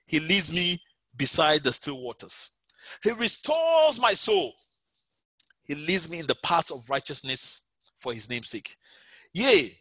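A man's voice: fairly high pitch, bright, forceful tone, no echo, low-quality recording. A man preaching and leading prayer, chanting fervently and repeating "Father Lord" as he speaks to listeners at home. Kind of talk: prayer and sermon.

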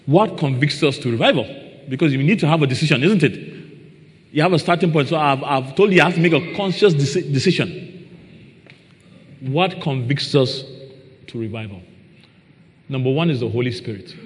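A man preaching a sermon to a congregation, reading scripture and stressing his points with "Praise the Lord" and questions to the listeners. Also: mid-range voice. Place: church hall. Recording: long reverb of a hall.

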